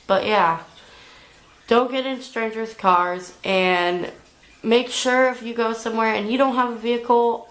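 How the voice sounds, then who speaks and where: A woman's voice: medium pitch, a bit bright, low-quality recording. A young adult woman telling a storytime vlog, rambling along with lots of filler "like"s. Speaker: vlogger.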